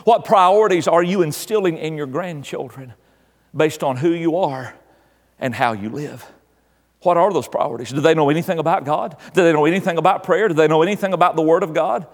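A man's voice: fairly high pitch, brisk, in a large hall. An older man preaching a sermon as pastor, his delivery swelling and dropping in volume. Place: church.

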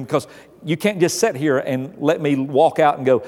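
A man preaching a sermon in a slightly high voice, building his point through repeated questions and a told story. The sound rings with a long hall reverb. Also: moderate pace, a little mellow. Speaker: pastor.

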